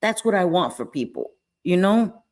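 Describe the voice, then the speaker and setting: A woman's voice: lowish voice, very animated, moderate pace, darkish tone. A woman hosting a live stream, reading the chat and talking casually, candid and emphatic, repeating her points and swearing freely. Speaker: livestream host reading chat.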